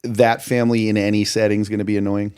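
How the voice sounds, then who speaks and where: A man co-hosting a casual podcast chat, teasing and chiming in with quick interjections. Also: fairly low pitch, level tone, darkish tone, smooth. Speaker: podcast co-host.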